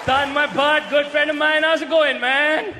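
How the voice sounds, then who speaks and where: A man doing a stand-up roast on stage, mocking his targets with crude punchlines and often shouting them. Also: very high voice, steady tone, unhurried. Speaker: roast comedian. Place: large hall with a live audience. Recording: echoey hall recording with crowd noise.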